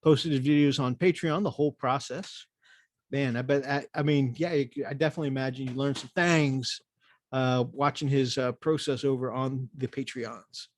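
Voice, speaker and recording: A male livestream host chatting loosely, circling back on his words with plenty of hesitation. His voice sits mid-pitch and the sound is close and dry. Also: fairly even intonation, moderate pace, no room sound. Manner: rambling, many fillers and restarts. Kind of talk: casual livestream chat.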